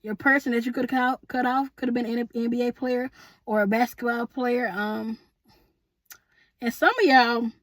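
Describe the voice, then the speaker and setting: Sassy high-voiced woman tarot reader. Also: steady tone, normal speed, no room sound. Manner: sassy, chatty, calls viewers honey and boo; laughs often, asks spirit aloud. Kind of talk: casual tarot reading to viewers.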